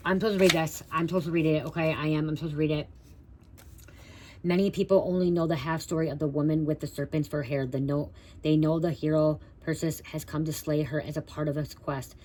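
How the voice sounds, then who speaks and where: On a live stream, a woman gives a tarot reading, stumbling over the guidebook text and stopping to speak to her viewers. Her low voice stays fairly flat and even, she talks fairly quickly, and the audio is poor.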